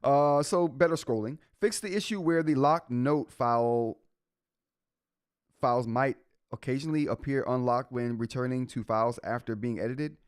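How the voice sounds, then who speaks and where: A man's voice: mid-range voice, normal speed, clean tone, no room sound, studio quality. A man hosting a live tech show in a casual way, reading update notes aloud and reacting to the chat.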